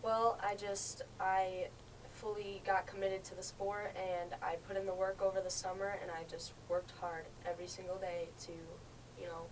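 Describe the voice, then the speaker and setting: A teenage girl athlete answering interview questions in an earnest, steady way. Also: medium pitch, normal speed, far from the mic, slight background noise, poor audio. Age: teens. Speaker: athlete guest.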